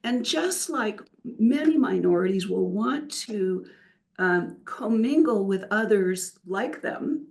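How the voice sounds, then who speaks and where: Older lady guest, gravelly voice, tells stories and acts out what people said. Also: mid-range voice, slow pace. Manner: animated storyteller who acts out quotes. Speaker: wealth counselor, podcast guest. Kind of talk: casual interview storytelling.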